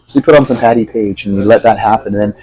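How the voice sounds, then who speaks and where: A man's voice: on the low side, very fast, warm tone, poor audio. A man being interviewed in a café, talking earnestly about his work as a musician bringing music care to patients. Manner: earnest, explanatory, storytelling. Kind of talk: casual conversational interview.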